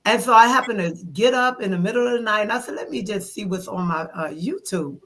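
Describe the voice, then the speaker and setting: A woman in her fifties, speaking as an interview guest in a bright, sharp-edged voice. She tells her story in an animated way, playing out her own past thoughts as little quoted scenes. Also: mid-range voice, a little fast. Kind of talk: conversational interview.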